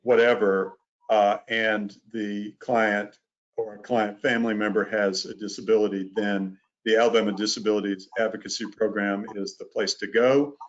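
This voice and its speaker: A man presenting legal resources in a webinar, speaking haltingly with frequent fillers. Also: on the low side, level tone. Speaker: disability legal advocate presenter. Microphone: video call. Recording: dull lo-fi call audio.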